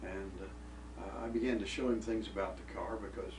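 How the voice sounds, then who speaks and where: A man's voice: low voice, fairly even intonation, moderate pace. A middle-aged man telling a family story in a homespun way, often repeating "I said" and "he says.". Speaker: father giving a tribute. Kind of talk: storytelling testimony. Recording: roomy room picked up from a distance with noise.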